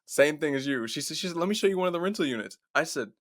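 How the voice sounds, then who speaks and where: A young man in his twenties co-hosts a podcast, telling a story in casual chat, animated and laughing, repeatedly saying "I was like." His voice sits on the high side and moves rapid-fire, captured in clean studio sound with no room sound.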